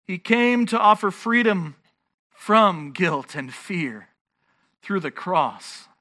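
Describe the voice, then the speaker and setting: A man's voice: high-pitched, sing-song, slow, sharp tone. A man preaching a sermon as pastor, earnest and emphatic, often restarting his phrases.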